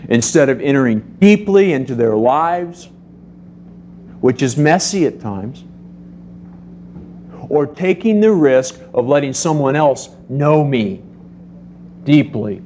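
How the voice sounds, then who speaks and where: A middle-aged man preaching a sermon to a congregation, telling stories in a lively way and acting out the voices in them. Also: medium pitch, takes it slowly, pauses often, slight background noise. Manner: animated storytelling, acts out voices. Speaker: pastor.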